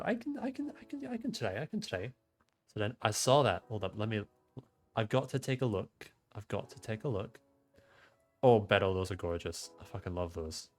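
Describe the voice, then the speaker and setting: A young man live-streaming from home, chatting loosely with his viewers and rambling through explanations of computer hardware, swearing freely. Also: mid-range voice. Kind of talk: casual live-stream chat, reading chat aloud. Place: home room.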